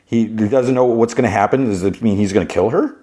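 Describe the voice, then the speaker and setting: A man with a deep, low-pitched voice talks casually into a podcast mic. He rambles through a plot recap, and his sentences are loose and full of filler words. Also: brisk, dark tone. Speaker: podcast host.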